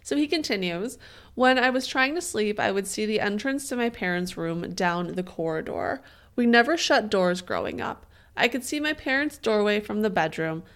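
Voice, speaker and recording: A woman's voice: mid-range voice, expressive, moderate pace. A woman co-hosting a casual podcast, reading listener mail aloud with playful, giggly asides. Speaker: podcast co-host.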